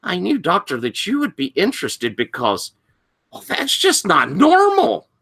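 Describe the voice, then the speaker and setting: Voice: medium pitch, huge pitch swings, unhurried, vocal fry, fairly bright tone, breathy edge, pitched above the performer's own voice, exaggerated voice. A game master voicing a wide-eyed teenage male student with a put-on accent, telling a strange tale. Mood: eager.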